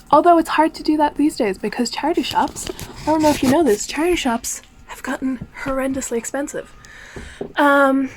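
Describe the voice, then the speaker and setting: A woman's voice: high-pitched, low-quality recording. A woman chatting casually in a get-ready-with-me vlog, rambling and self-deprecating. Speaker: vlogger.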